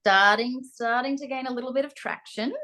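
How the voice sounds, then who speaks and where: A young woman with an Australian accent, chatting as an interview guest and often pausing with ums and restarts. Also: high-pitched, pushed and bright. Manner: hesitant, restarts, frequent ums. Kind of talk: casual interview chat.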